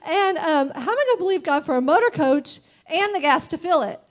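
A woman with a bright, high voice tells her story of faith in an earnest, emotional way. She sounds close to tears, and her voice stays open and heartfelt throughout. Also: lively intonation. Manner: emotional and earnest, quick to laugh. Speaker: church member giving a testimony. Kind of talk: personal faith testimony.

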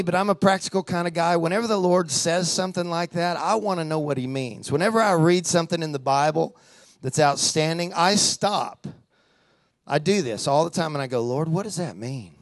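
A man's voice: sits high, dry recording. A man preaching a sermon in a conversational storytelling way, drawing the congregation in with questions and call-and-response.

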